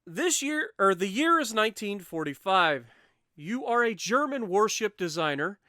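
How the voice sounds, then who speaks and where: Smooth-voiced man reading game rules. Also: high-pitched, big pitch swings, normal speed, bright, forceful tone, no echo, clean studio sound. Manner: reads aloud steadily, with wry asides and self-corrections. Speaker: gaming channel host.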